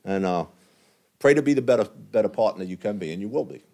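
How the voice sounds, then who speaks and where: Blunt, earnest older man with a low voice. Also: expressive, fast, dark tone. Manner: blunt and earnest, plain language with mild cursing. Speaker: recovery group speaker. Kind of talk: candid talk to a men's group.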